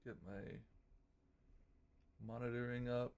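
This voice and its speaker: A man streaming while he composes, thinking aloud in a relaxed way and now and then scatting a melody. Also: medium pitch, takes it slowly, slight background noise. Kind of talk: casual livestream talk. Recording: faint music under voice.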